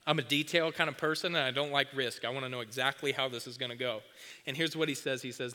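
A man's voice: mid-range voice, steady tone, quick pace, bright, forceful tone. A man preaching a sermon in an emphatic, conversational way, often asking the crowd questions. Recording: long hall reverb.

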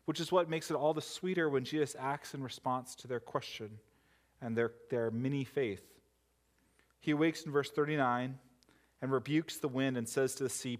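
A man's voice: medium pitch, animated, moderate pace. A man preaching an earnest, conversational sermon, voicing prayers and questions as he goes.

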